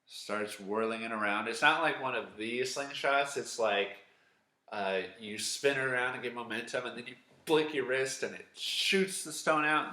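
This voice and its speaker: A man teaching children, telling a Bible story in a chatty, animated way, acting out the characters and asking the kids questions. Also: mid-range voice, roomy sound.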